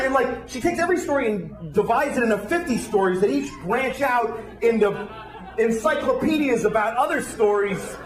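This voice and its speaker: A middle-aged man rambles through a deadpan stand-up set on a club stage. His voice sits high and swings around a lot. The room is echoey, and a crowd laughs loudly behind him. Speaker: stand-up comedian. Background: laughing audience.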